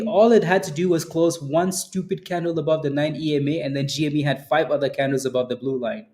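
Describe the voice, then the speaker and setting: A young man hosts a live trading stream in a loose, playful chat. He teases his viewers and keeps repeating phrases in a somewhat high but dark, mellow voice. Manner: playful, teasing, repeats phrases, laughs often. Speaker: stock trading livestream host. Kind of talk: casual livestream chat reading the chat.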